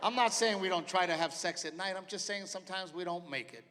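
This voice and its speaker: A man's voice: high voice, a little fast, sharp tone. A middle-aged man doing stand-up comedy in a theater with brash, profane storytelling and acted-out quotes. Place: large theater stage with a live audience. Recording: live hall reverb, audience noise.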